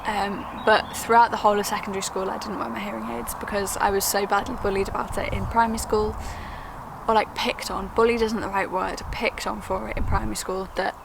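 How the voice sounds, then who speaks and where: A young woman from the UK talking to camera in a quick, chatty, earnest way, with frequent ums. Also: mid-range voice, little pitch movement, creaky. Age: young adult. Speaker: vlogger. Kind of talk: casual talk to camera. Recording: noisy background with traffic.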